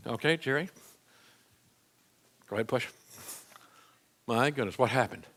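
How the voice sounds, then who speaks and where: A man's voice: mid-range voice, a little slow, a bit bright. Plain-spoken middle-aged man teaching a class. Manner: conversational, plain-spoken, with frequent restarts. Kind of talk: live lesson to a church audience. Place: church hall before a live audience.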